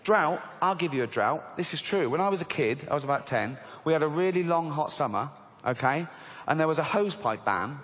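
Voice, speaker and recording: An English man in his forties performs a mocking stand-up routine, his voice swinging widely in pitch. He sounds slightly high for a man. The mic catches the long reverb of a large theatre hall. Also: fairly quick. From England. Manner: animated, mocking, slips into squeaky put-on voices. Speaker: stand-up comedian. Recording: live hall with reverb and crowd.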